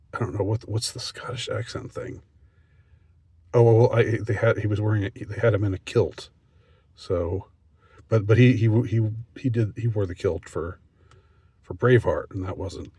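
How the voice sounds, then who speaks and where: A man reading a news story aloud and commenting on it, halting with many restarts and mocking asides. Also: on the low side, a little mellow, dry recording.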